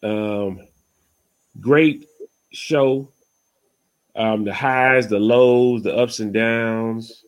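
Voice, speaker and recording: A podcast host with a mid-range, steady voice talks very slowly, pausing often. He rambles casually, keeps saying "you know what I'm saying," and grows heated during rants.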